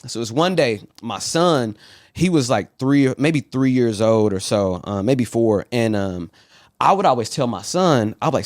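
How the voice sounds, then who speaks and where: A man in his thirties, a pastor telling stories in a relaxed, casual way and laughing often. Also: fairly high pitch, moderate pace, no echo, clean studio sound. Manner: laid-back storyteller who laughs often. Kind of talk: casual conversation.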